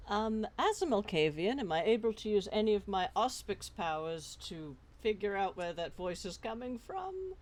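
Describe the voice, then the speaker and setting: A woman's voice: medium pitch, moderate pace, hardly any pauses. A woman playing a tabletop role-playing game, casually asking the game master rules questions. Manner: asks rules questions in a relaxed, matter-of-fact way. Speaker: player.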